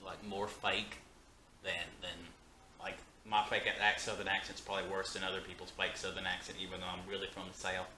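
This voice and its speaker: A man's voice: low voice, monotone, brisk, pushed and bright, slight background noise. A man from Georgia musing in a casual chat, self-deprecating and trailing off in restarts, in a room of an old house. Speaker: co-host, band member. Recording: echoey room, faint ambience.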